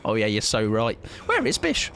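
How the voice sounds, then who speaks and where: A man with a British accent giving animated live gaming commentary, swearing and laughing a lot. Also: fairly low pitch, moderate pace, gravelly, noisy background. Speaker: streamer. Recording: game music playing under the voice.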